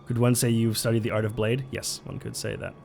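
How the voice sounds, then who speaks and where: A man's voice: medium pitch, little pitch movement, a little fast, vocal fry, a little mellow, slight background noise. A man chatting casually as he streams a video game and reads chat. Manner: chatty, swears often, reacts to chat. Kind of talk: casual gameplay commentary.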